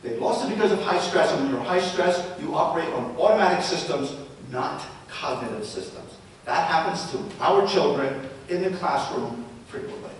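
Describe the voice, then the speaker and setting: A man's voice: expressive, normal speed. Man speaking in an echoey hall. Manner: storytelling with rhetorical questions. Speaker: presenter. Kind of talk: live public talk to parents and educators. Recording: echoey hall, distant mic, faint rumble.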